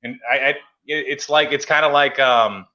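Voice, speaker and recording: This Massachusetts man hosts a casual hobby podcast, speaking at a moderate pace in a mid-range, sharp-toned voice. He's a chatty storyteller who acts out quoted phone calls, and the recording sounds muffled.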